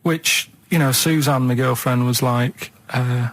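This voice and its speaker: A man's voice: mid-range voice, fairly even intonation, a little slow, fairly bright tone. A man in his thirties on a radio show, chatting in a blunt, plain-spoken, stubborn way. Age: 30s. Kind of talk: casual radio chat. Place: radio studio.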